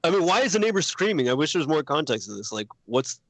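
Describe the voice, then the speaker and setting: Brief: male co-host, slightly high, animated pitch, dry close sound, sarcastic. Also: fast, no echo. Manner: laid-back, sarcastic, swears casually. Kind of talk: casual comedy podcast chat.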